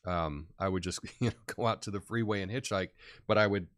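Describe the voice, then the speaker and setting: A man's voice: deep voice, brisk, no echo, studio quality. Laid-back middle-aged man hosting a live stream. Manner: relaxed, chatty, laughs often, many fillers. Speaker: live show host. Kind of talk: casual live-stream chat reading comments.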